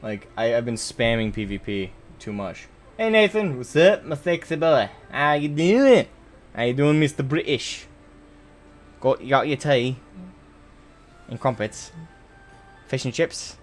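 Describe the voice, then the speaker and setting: A man's voice: mid-range voice, a little slow, long pauses, soft background music. A man streaming a game live, chatting casually with viewers, rambling and correcting himself as he jokes with the chat. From United States.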